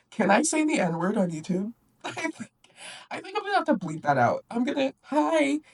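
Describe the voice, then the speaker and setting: A woman's voice: mid-range voice, huge pitch swings, moderate pace, slightly rough, distant mic. A young woman hosting a book club, recapping a story in a chatty, sarcastic way, often laughing and acting out the characters. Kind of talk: casual book recap and commentary.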